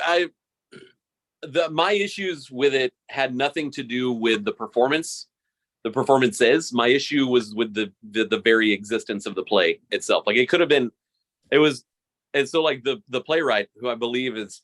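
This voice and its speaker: A man co-hosting a podcast in casual chat, animated and laughing often, repeating words as he starts sentences. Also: mid-range voice, normal speed. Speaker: podcast co-host.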